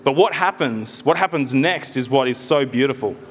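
Pastor preaching in a reverberant hall. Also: male voice, mid-range voice, lively intonation, normal speed, soft background music. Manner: conversational preaching with gentle humor and frequent restarts. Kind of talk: sermon. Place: church hall.

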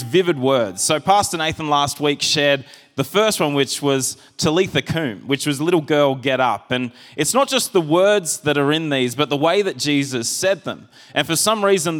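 A pastor preaches in a casual, chatty way, often stumbling and restarting mid-phrase. His voice sits a little high for a man. It carries the long reverb of a church hall. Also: fairly bright tone. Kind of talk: sermon.

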